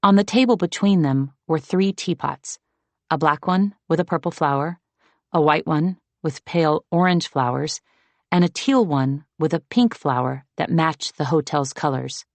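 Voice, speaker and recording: A woman narrating an audiobook in a measured, even storytelling manner. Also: low-pitched, dry recording. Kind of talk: scripted narration.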